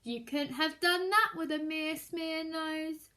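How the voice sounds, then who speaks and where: A woman's voice: high-pitched, takes it slowly, sharp tone, exaggerated voice. A woman voicing a wise, knowing python rock snake who speaks emphatically.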